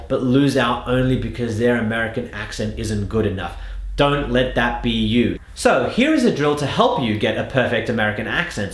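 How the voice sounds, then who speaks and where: A man coaching his viewers through a lesson, upbeat and direct, with a voice pitched in the middle range. The room around him adds a roomy echo to every word. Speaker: accent coach. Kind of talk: video lesson.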